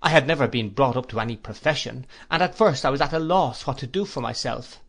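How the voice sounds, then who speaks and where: A man voicing a humble, good-natured young man in an audiobook, talking in an eager, lively way and quick to laugh. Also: medium pitch, gravelly, pitched above the performer's own voice. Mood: cheerful. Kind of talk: audiobook character voice.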